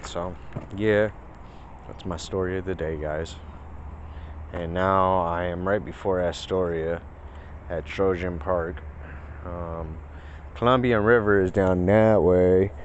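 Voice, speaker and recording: Low-pitched and captured in dull audio with slight background noise, a man vlogs casually on his phone outdoors by a pond. His story rambles, heavy with fillers, and he mimics the people in it with put-on voices.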